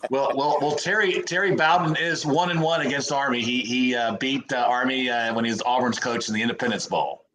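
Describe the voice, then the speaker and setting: A man on a sports panel who talks haltingly, restarting his sentences. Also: mid-range voice, fairly bright tone, a little hiss or hum, rough recording. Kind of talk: casual sports talk.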